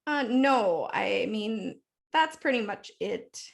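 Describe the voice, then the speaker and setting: A woman co-hosting a casual movie review podcast, laughing often and acting out characters in quick funny voices. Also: mid-range voice, lively intonation, creaky. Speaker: podcast co-host.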